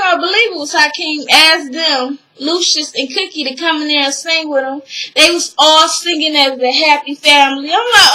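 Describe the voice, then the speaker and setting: A young woman casually recapping a TV episode, retelling scenes with animated quotes and swearing freely. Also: high-pitched, low-quality recording.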